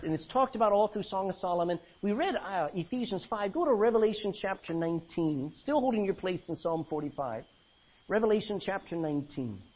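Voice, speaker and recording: A man pastor preaching a sermon, reading old-fashioned scripture aloud and swinging between loud emphasis and low, quiet lines. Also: breathy edge. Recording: dull lo-fi recording.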